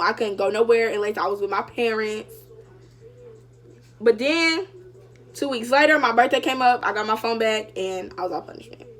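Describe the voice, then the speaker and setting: A young woman vlogger tells her viewers a story casually, chatting straight to them and using lots of fillers. Her voice is fairly high and fairly bright.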